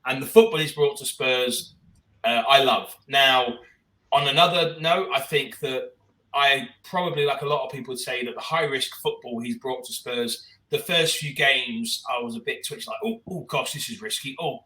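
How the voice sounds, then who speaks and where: A man's voice: mid-range voice, moderate pace, sharp tone, roomy sound, far from the mic, low-quality recording. A man co-hosting a podcast, chatting about football in a rambling, enthusiastic way with many restarts. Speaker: podcast co-host. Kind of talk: casual football chat.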